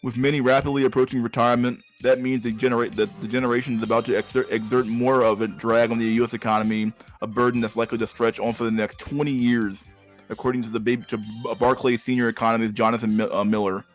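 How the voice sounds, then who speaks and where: A man's voice: mid-range voice, level tone, quick pace, faint music behind. A man hosting a podcast, reading a news article aloud and breaking off into profane, slangy asides. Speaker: podcast host.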